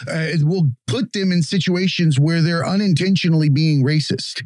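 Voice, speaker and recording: A man hosting a podcast, his voice sitting a little high for a man. He talks in a blunt, opinionated way and swears freely. The sound is dry and close to the mic. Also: moderate pace, a little mellow, dry recording. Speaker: podcast host. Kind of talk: casual podcast chat.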